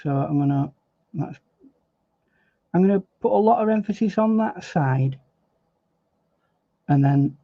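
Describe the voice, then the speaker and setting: A man demonstrating painting step by step in a relaxed, chatty way, thinking aloud as he works. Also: on the high side, measured pace, long pauses, dry recording. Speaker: painting instructor. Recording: dry, slightly dull recording.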